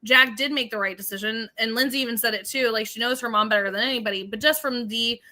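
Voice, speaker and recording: A woman's voice: fairly high pitch, quick pace, pushed and bright. A woman co-hosting a podcast, chatting animatedly about a reality show, laughing and acting out quotes. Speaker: podcast co-host. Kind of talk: casual recap chat.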